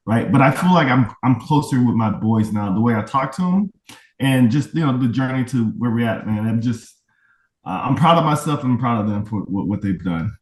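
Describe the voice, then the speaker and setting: A man's voice: medium pitch, expressive, fairly quick. Earnest male guest, candid and reflective, heard from a distance in an echoey room. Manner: reflective, earnest, fond of tag questions. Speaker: podcast guest, father of autistic twins. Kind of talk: candid conversational interview. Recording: roomy, distant from the mic.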